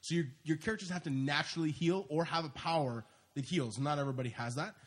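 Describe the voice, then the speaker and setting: Brief: male podcast co-host, a bit high-pitched, keen and rambling. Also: fast. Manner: eager, rambling gamer talk. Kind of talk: casual chat.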